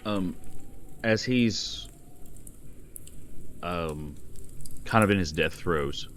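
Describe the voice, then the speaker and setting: A man narrating a tabletop game as game master, in a halting way with many fillers. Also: sits low, a little hiss or hum. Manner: halting, full of fillers, expressive.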